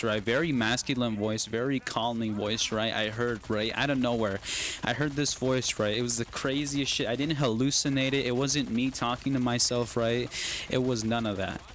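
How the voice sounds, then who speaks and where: A man's voice: medium pitch, slight background noise. A young man telling a long personal story on a casual stream, rambling and tagging nearly every phrase with "right?". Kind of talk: casual chat while gaming on a stream.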